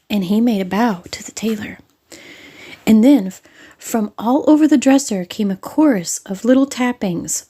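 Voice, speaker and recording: A woman narrates a classic storybook in a soft, half-whispered voice. Her tone is mellow and relaxed. There is a breathy softness to every line. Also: mid-range voice. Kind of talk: storybook reading.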